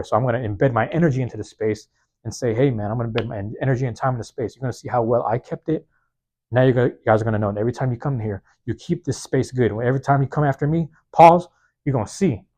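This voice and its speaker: A man with an ordinary, mid-pitched voice gives a solo motivational talk for his podcast, loose and slangy, coming back to the same phrases again and again. His voice is a little hoarse. He speaks into a phone microphone in a small university back room. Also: fast, warm tone. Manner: casual slangy talk, repeats key phrases for emphasis. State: slightly hoarse. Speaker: podcast host. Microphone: plug-in microphone on a phone.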